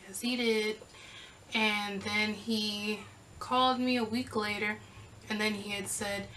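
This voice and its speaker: A young woman vlogger telling a casual storytime, sassy and animated as she acts out the back-and-forth. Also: medium pitch, takes it slowly, far from the mic, a little hiss or hum, poor audio.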